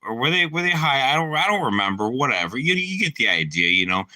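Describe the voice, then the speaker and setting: A low-pitched man talks in a loose, meandering monologue full of fillers and profanity. His tone is hard and tightly pressed, and the recording is dry and close. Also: big pitch swings, normal speed, sharp tone, dry recording. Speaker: channel host. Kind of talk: rambling casual monologue on a live stream.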